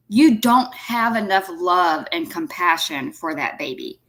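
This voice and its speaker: A woman's voice: fairly low pitch, animated, unhurried, few pauses, fairly bright tone. A woman host, emphatically and indignantly commenting on a clip. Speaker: reaction video host.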